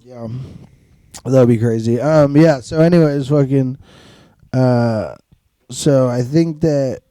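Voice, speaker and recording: A man's voice: mid-range voice, slow, warm tone, no echo. A man co-hosting a podcast in casual chat, rambling and swearing a lot, laughing often. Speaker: podcast co-host.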